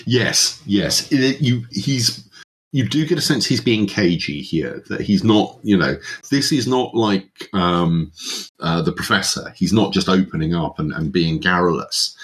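A man narrating a tabletop game as game master, in a very low voice. He describes the scene haltingly and fills the gaps with ums and uhs. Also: a bit bright.

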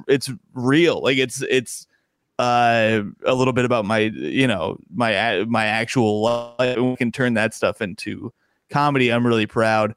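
A man's voice: mid-range voice, smooth, no echo. A man, a stand-up comedian, chatting casually in a podcast interview, rambling and restarting his sentences and laughing often.

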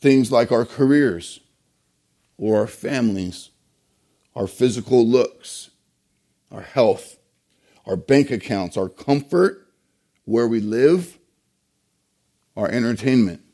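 A male pastor delivering a sermon, emphatic, with rhetorical questions and pauses. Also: medium pitch, expressive, mellow.

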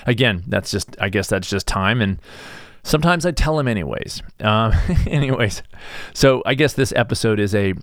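Man, middle-aged, lowish voice, dry close sound, halting, searching for words, grieving, solo podcast talk. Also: no echo. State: grieving, subdued. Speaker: podcast host and stress management coach. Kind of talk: reflective solo podcast monologue.

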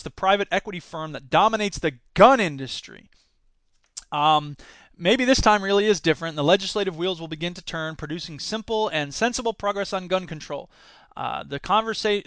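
A man's voice: high voice, fairly bright tone, clean tone, no echo. A man hosting a podcast, reading news items aloud and mocking them with sarcastic, jokey asides. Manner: sarcastic, jokey, switches into silly voices. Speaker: podcast host. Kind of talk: casual solo commentary reading news.

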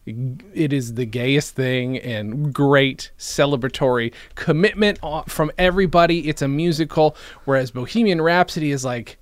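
A man talking in a casual chat, sardonic and profane, with quick jokey asides and mocking impressions. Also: a little high, no echo. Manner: mimics characters in mocking put-on voices.

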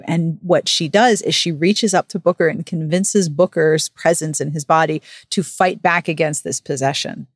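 A woman's voice: deep voice, normal speed, hardly any pauses, no room sound, clean studio sound. A woman hosting a podcast, frankly and animatedly recapping a novel in casual chat. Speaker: podcast host.

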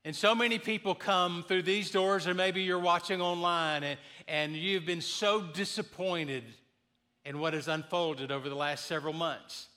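A man's voice: high-pitched, steady tone, moderate pace, pushed and bright. A male pastor giving a sermon in a church sanctuary, telling jokes and then building into emphatic preaching.

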